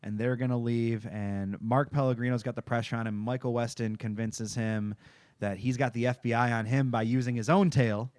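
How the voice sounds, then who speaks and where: A man's voice: medium pitch, steady tone, normal speed, a little mellow, no echo. A man co-hosting a podcast, chatting casually and recapping a TV episode with crude jokes and frequent laughter. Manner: joking, laughs often, crude humor. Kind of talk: casual profane chat.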